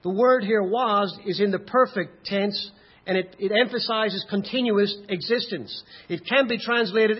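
Man preaching a sermon, high raspy voice, kinda muffled lo-fi recording. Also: normal speed. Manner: builds to loud emphatic peaks, then drops low. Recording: dull lo-fi sound.

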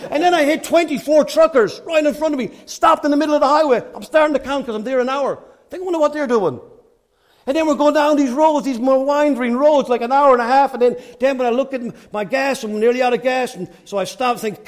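An Irish preacher with a notably high voice delivers a sermon. He tells anecdotes with rising excitement and laughter, then drops to a soft, earnest hush for his appeals. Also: a little fast. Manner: animated storytelling, swinging from loud and excited to hushed and earnest.

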